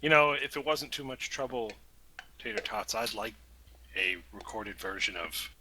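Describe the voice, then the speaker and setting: Bright, tired-sounding male gamer. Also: fairly low pitch, expressive, slight background noise, low-quality recording. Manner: joking, halting, tired. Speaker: player. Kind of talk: casual voice chat.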